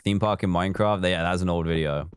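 Low-voiced man chatting on a stream. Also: fast, clear, resonant tone. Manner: chatty, reads viewer comments aloud and counts blocks under his breath. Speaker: live streamer. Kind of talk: casual live-stream chat while building in a game.

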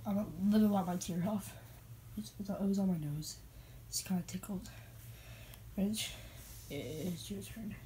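A woman plays a heartbroken young man who stammers through a eulogy for his father, crying softly and tripping over his words. He talks slowly and hushes to a near whisper, in a homemade puppet show with a faint hiss behind. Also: medium pitch, close to an everyday voice, low-quality recording. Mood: tearful. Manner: halting, stammering, soft and tearful.

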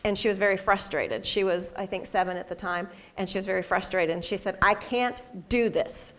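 A woman's voice: mid-range voice, little pitch movement, quick pace, a bit bright. A woman leading a church discussion, asking guiding questions and telling personal stories. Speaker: discussion leader. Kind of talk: conversational church teaching.

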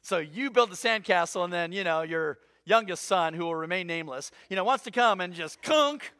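A man preaching a sermon as pastor, animated and conversational, acting out little voices as he goes. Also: high voice, fairly quick, clear, resonant tone, no room sound, clean studio sound.

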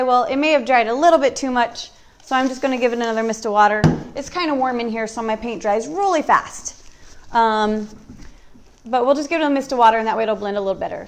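A woman demonstrating furniture painting on a live stream, talking through each step in a relaxed, chatty way. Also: high voice. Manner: relaxed, chatty, thinking aloud. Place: warm indoor workshop.

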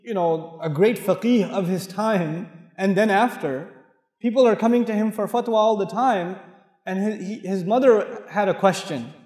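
An Islamic lecturer with a high voice gives a quick, animated sermon, posing rhetorical questions and reciting Arabic verses. His voice echoes through a roomy hall with a long reverb tail.

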